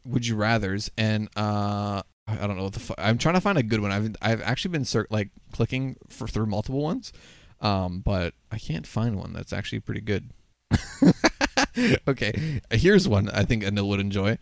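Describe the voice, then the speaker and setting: A man's voice: fairly low pitch, lively intonation, normal speed, creaky, no echo. A young man hosting a casual voice-call chat with friends, laughing often and swearing casually. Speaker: podcast host.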